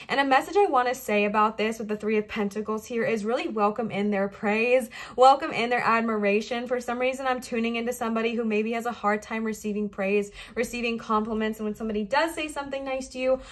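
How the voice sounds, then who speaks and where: A woman giving a pick-a-card tarot reading, talking fast in an upbeat, gushing way and passing on affirming messages from Spirit. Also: a little high, steady tone. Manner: affirming, uplifting, channeling Spirit. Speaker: tarot reader.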